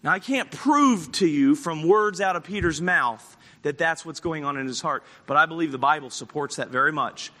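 A man pastor preaching a storytelling sermon, animated and acting out the scenes as he goes. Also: on the high side, normal speed, hardly any pauses. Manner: animated, acts out the scripture scenes.

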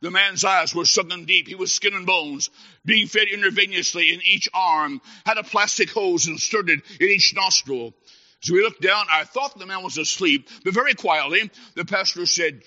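A man preaching a sermon, telling a story dramatically and swinging from hushed tones to shouting. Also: high voice, moderate pace. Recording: dull lo-fi recording.

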